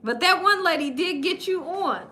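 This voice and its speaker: A woman hosting a live cooking stream, telling stories in a lively way and laughing often. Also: extremely high pitch, normal speed, slight background noise. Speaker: cooking channel host. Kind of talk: live-stream storytelling chat.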